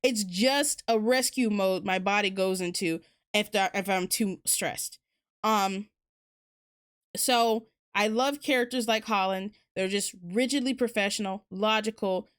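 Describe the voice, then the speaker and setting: A woman's voice: mid-range voice, measured pace, clear, resonant tone. A woman streamer hosting a casual book talk, rambling candidly with lots of fillers and the odd swear word. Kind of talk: casual chat.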